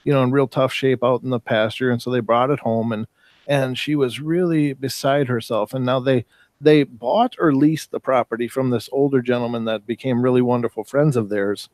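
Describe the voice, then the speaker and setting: Man, mid pitch, dry close sound, rambling chatty storyteller. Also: steady tone, normal speed, darkish tone, dry recording. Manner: rambling, repeats words while telling a story. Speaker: talk show participant. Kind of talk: casual storytelling chat.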